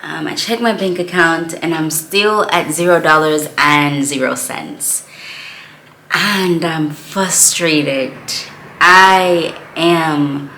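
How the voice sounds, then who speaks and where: A woman speaks in a low voice with a bright, forceful edge, telling her own story as a small business owner in an earnest, reflective way. She sounds like she is in a large, empty room with a strong echo around her. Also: takes it slowly, a little hiss or hum. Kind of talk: personal storytelling vlog.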